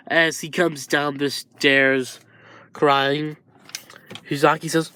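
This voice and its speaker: A man narrates an improvised fan story in a slow, halting way, often stopping to restart his sentences. His voice has a bright, tense edge. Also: fairly high pitch, flat delivery, smooth.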